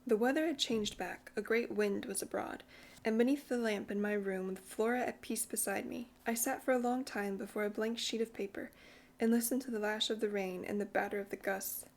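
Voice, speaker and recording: A woman narrating a classic ghost story audiobook in a measured, hushed way. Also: mid-range voice, steady tone.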